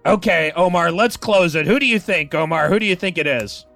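A man hosting a morning radio call-in show, running it with brisk, playful banter. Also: sits high, a bit bright, faint music behind. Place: radio studio.

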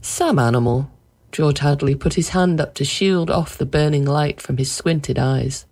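A woman narrating a short story aloud in a measured, vivid storytelling manner. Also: deep voice, darkish tone, slightly rough. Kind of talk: audiobook narration.

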